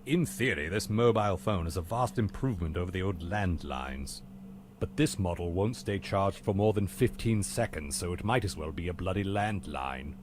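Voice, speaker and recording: An actor playing a weary, dry-witted butler in a game, speaking in a formally polite, deadpan way. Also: male voice, low-pitched, moderate pace, noisy background. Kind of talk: video game voice acting.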